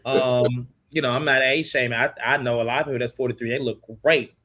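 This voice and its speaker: A man's voice: medium pitch, fairly even intonation, pushed and bright. A man co-hosting a casual recap chat, talking in loose, laughing asides. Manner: chatty, laughing, drawn-out asides. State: yawning. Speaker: podcast co-host.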